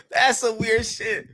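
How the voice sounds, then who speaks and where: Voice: medium pitch, dry recording, studio quality. A boxing podcast host, ranting casually in a profane, laughing way, with many restarts. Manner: animated, profane, laughs often, stumbles and restarts.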